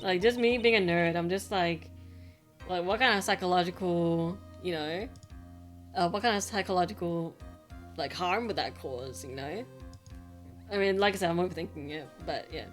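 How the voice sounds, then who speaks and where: A woman's voice: on the low side, moderate pace, soft background music. A woman streamer chatting casually over a game, rambling and self-deprecating. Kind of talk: casual let's-play commentary.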